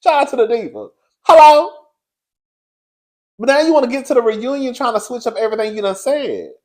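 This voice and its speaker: A man giving casual commentary on a reality show, sassy and frank, laughing often, with big swoops in pitch. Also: big pitch swings, fast, darkish tone. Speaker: reality TV reviewer.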